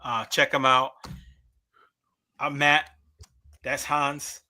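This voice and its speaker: A man's voice: mid-range voice, flat delivery, drawn-out words, sharp tone, a little hiss or hum. A man hosting a casual podcast, upbeat and jokey. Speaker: podcast host.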